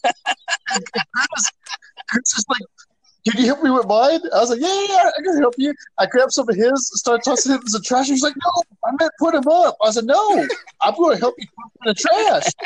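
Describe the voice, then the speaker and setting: A man chatting casually among friends, telling a story with quick asides. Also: very high-pitched, expressive, slight background noise, rough recording. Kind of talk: casual chat.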